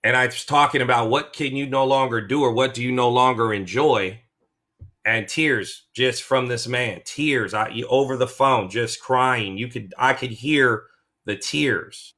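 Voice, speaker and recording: A man's voice: mid-range voice, unhurried, pushed and bright. A middle-aged man, a coach for veterans' claims, talking in a rambling, emotional way and cutting himself off mid-sentence. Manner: emotional, rambling, self-interrupting. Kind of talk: motivational vlog talk.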